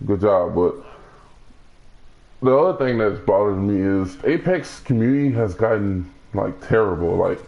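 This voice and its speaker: Young male gaming streamer, low voice, loose rambling delivery, muffled lo-fi stream sound. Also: animated, moderate pace, gravelly, darkish tone. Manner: rambling, many restarts and fillers. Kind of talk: casual gaming commentary.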